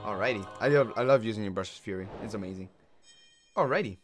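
A man's voice: fairly low pitch, fast talker, music in the background. A man streaming a video game, talking casually and rambling while often laughing at his own jokes. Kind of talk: casual gameplay commentary.

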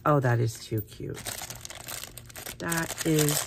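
Excited lady unboxing craft mail, lots of oh my goshes, gravelly, noisy background. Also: low-pitched, slow. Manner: gushing, gasping, repeated exclamations; drops to a whisper at times. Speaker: craft channel host. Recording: noisy room with paper crinkling.

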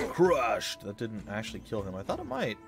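A man hosting a let's play, giving chatty, excitable gameplay commentary that reacts loudly to hits and misses. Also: on the low side, fast, vocal fry, over music.

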